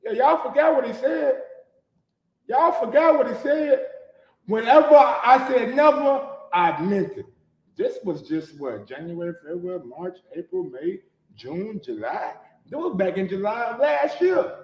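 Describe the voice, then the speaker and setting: High-pitched male sports host, casual profane rant, echoey room sound. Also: measured pace, lo-fi sound. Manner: animated, profane, swings from mutters to shouting. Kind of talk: casual ranting commentary.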